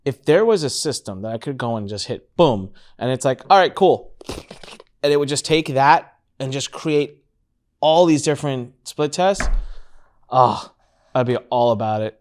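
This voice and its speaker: A man in his thirties hosting a casual business talk, telling a story with lively acted-out quotes. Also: medium pitch, moderate pace. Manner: animated storytelling, acts out quotes. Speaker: podcast host.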